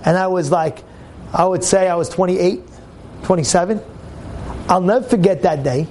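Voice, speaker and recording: A man tells a story in an animated sermon. His voice sits unusually high for a man. He restarts and repeats words as he builds the story. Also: moderate pace, slight background noise. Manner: lively, repeats words, acts out quotes. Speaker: rabbi teaching a Torah class.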